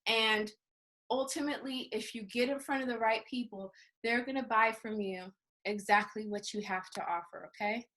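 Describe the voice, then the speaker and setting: A middle-aged woman coaching entrepreneurs in a casual, animated talk, laughing often and acting out little scenes. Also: a little high, moderate pace. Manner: calls listeners honey. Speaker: business coach.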